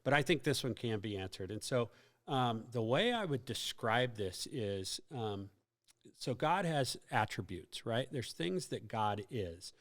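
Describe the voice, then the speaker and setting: A man's voice: medium pitch, lively intonation, unhurried, a bit bright. Teacherly man hosting a casual faith podcast. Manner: explanatory, teacherly, many fillers and asides. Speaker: youth ministry podcast host.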